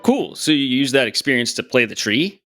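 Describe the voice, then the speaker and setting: A man's voice: mid-range voice, very animated, moderate pace, bright, forceful tone, dry recording, clean studio sound, soft background music. A young man co-hosting a comedy podcast, given to whiny, flustered outbursts. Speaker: podcast co-host.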